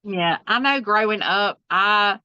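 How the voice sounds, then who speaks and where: A woman's voice: medium pitch, takes it slowly, pushed and bright, clear, resonant tone, dry recording, muffled recording. A middle-aged woman, chatting as a guest on an interview podcast. She laughs often and trails off into restarts. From Southern United States. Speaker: guest quilter. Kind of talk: casual interview chat.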